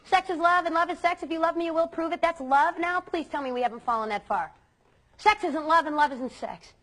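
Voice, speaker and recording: A woman's voice: very high voice, fairly quick, fairly bright tone. A woman youth speaker giving an earnest, emphatic motivational talk to students.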